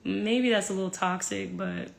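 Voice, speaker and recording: A woman's voice: medium pitch, fairly even intonation, normal speed, creaky. A woman in her thirties chatting casually to camera at home, candid and rambling, swearing freely. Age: 30s. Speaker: singer filming herself at home. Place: home with a yard.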